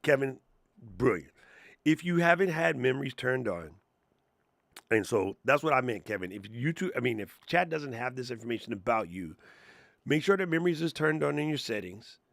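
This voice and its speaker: A man hosting a live creator Q&A stream, talking in an animated, slangy, chatty way. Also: medium pitch, normal speed, creaky, no echo. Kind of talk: casual live-stream chat.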